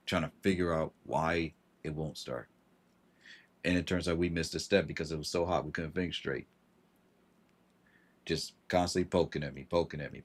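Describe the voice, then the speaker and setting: A man telling a personal story on a livestream, halting and repeating himself, with frustration in his voice. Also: very deep voice. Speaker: vlogger.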